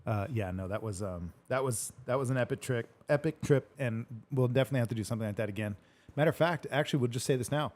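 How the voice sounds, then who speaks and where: Fast-talking man telling a road story. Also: medium pitch, darkish tone. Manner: swears a lot, retells arguments animatedly. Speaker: podcast host. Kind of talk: casual chat.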